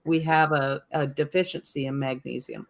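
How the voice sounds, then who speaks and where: Woman, low voice, earnest, explaining, panel talk. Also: fairly even intonation, moderate pace, vocal fry. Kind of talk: panel discussion.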